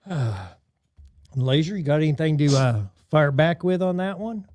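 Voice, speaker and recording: Middle-aged man, show host, high lively voice, unhurried. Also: no room sound, clean studio sound. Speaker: podcast host. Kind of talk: casual chat.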